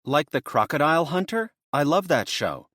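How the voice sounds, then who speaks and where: A man voicing a wary young woman stranded after a disaster, lifting his voice higher for her quick questions. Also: expressive, no room sound, studio quality, lightly acted. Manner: bright, lifted pitch, quick asking.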